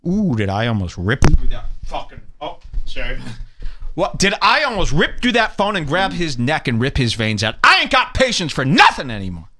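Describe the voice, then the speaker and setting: A man's voice: on the high side, huge pitch swings, moderate pace, pushed and bright. A man hosting a podcast in casual comedic chat, sarcastic and profane with a mock-tough manner. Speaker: podcast host.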